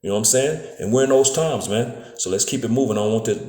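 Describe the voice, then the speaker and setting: Fast and lively in intonation, a preacher with a medium-pitched, slightly mellow voice gives a casual street-style scripture lesson on a phone recording, in a reverberant space. "Man" and "you know what I'm saying" keep cropping up, and he stumbles over repeated words.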